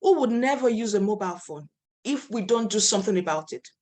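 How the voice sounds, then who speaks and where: A woman's voice: medium pitch, animated, fairly quick, darkish tone. A woman from Nigeria, a nonprofit founder, telling her story as a guest speaker over a video call, earnest and passionate. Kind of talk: interview storytelling.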